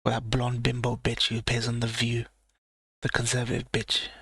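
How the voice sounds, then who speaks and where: A man streaming his reactions, his husky voice held flat with little rise and fall. The sound is dry and close, and he mumbles loose, crude commentary. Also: medium pitch, normal speed, dry recording. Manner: offhand, mumbled asides full of crude slang. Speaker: livestream reaction host.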